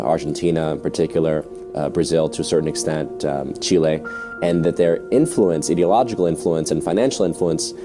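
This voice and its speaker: A male interviewer asking long, rambling questions with many fillers. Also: sits low. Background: music.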